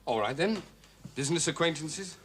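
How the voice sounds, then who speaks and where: An actor playing an unflappable gentleman detective, cool and dryly ironic, probing with questions in a 1970s TV crime drama. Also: a little high, animated, moderate pace, slight background noise, close to an everyday voice. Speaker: amateur detective.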